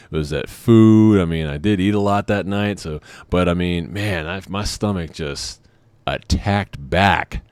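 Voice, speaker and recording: A man's voice: low-pitched, no echo. A man casually telling a personal story, acting out the scenes and swearing freely. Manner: animated, acts out the scene in quotes, swears freely. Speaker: channel host.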